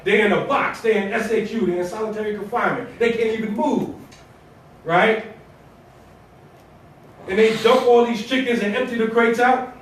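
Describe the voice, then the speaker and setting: A man's voice: very high-pitched, a little hiss or hum. A man giving a Friday sermon as imam, preaching in a colloquial, conversational way with rhetorical questions and repetition. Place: mosque prayer hall. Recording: echoey hall, voice from far off.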